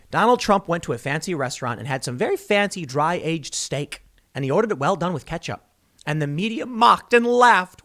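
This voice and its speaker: A man's voice: fairly high pitch, a bit bright. A man giving a heated solo political commentary, mocking and sarcastic as he talks.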